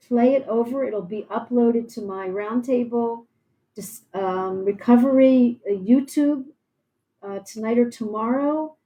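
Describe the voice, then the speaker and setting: A woman's voice: a little high, dark tone, low-quality recording. A woman hosting a live-streamed interview, talking in a reassuring, encouraging way with some restarts. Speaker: podcast host.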